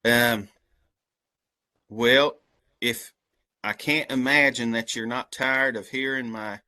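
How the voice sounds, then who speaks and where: Over a video call, a man with a rural American accent who heads a community service corps speaks passionately and folksily about the work, then answers questions, with many restarts. He talks slowly in a steady, mid-range voice whose tone is bright and forceful.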